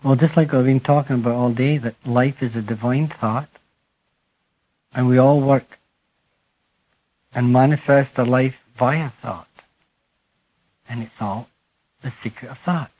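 Speaking to a live audience, a man with a husky, mid-range voice and steady tone gives a slow, emphatic spiritual talk, stressing key words and letting each phrase fade softly at its end. The audio is muffled and lo-fi, like an old archive tape.

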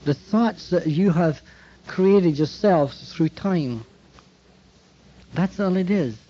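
A man giving a talk to therapists, telling anecdotes in an animated way and acting out bits of dialogue. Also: sits high, slow. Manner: animated anecdotal storytelling, acts out quoted dialogue. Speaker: speaker addressing therapists. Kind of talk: storytelling lecture. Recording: dull lo-fi recording.

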